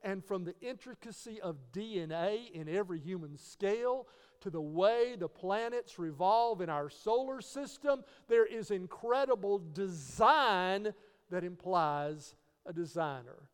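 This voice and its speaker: A man's voice: sits high, lively intonation, measured pace, smooth. A man giving an apologetics teaching talk. He asks rhetorical questions and spells out key words letter by letter. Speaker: Christian teacher. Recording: long reverb.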